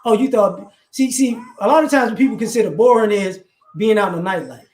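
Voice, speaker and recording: Animated high-voiced man in an echoey room. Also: brisk. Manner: animated, acts out both sides of conversations. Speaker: livestream host giving advice. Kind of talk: casual advice monologue.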